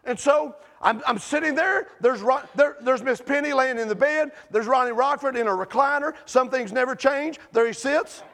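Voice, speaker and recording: A pastor with a remarkably high, gravelly voice tells a story from the pulpit at a moderate pace, barely pausing. His lively, conversational preaching stays animated and rises into shouting at its high points.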